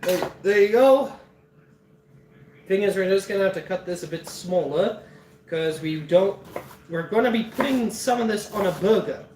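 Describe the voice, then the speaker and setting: A man's voice: sits high, lively intonation, moderate pace, long pauses, darkish tone. Man, casual cooking livestream chat, laughs a lot, swears freely, roomy echo, mic set back from him. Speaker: cooking streamer. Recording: roomy echo, mic at a distance, faint background noise.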